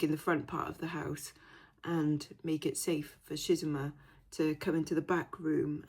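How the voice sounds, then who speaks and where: Husky chatty woman vlogger. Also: low voice, a little mellow. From Wales. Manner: chatty, rambling, lots of fillers and asides. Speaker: resale vlogger. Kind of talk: casual chatty vlog.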